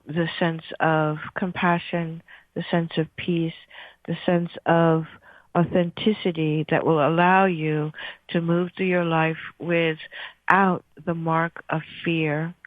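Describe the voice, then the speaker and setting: Slow, soothing woman on a phone line. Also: fairly low pitch, no echo. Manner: slow, soothing, gentle guidance. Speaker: radio host. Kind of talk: guided breathing meditation.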